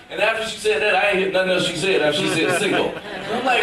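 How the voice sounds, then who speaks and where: A man from Tennessee doing stand-up comedy, telling a story in an animated, emphatic way with shouted punchlines. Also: sits high, quick pace, a little hiss or hum. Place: cruise ship theater with audience. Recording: echoey theater from far off. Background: audience laughter.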